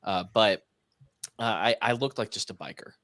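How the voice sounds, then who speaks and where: A young man on a podcast casually telling an animated story and acting out the dialogue. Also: on the low side, moderate pace, dry recording, clean studio sound. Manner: animated anecdote teller, acts out quoted dialogue. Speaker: podcast co-host.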